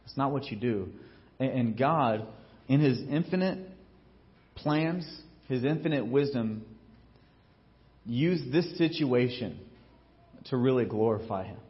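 A man preaching a sermon as pastor, telling a story in a casual, joking way and acting out what people say, getting loud and then dropping low. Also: slow, long pauses, highs cut off. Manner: animated storytelling, acts out quotes with big swings in loudness.

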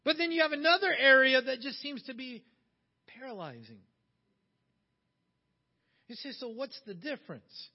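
A man's voice: extremely high pitch, animated, moderate pace, gravelly, long pauses. A man preaching a sermon in a conversational way, putting questions to his listeners. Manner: conversational, asks the audience questions. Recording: dull sound with long hall reverb.

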